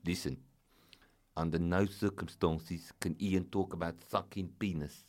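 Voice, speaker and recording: A man's voice: low voice, steady tone, measured pace, a little mellow, voice pushed down. Stern South African agent, put on by a man: curt, no humour, on the phone. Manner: curt, insistent.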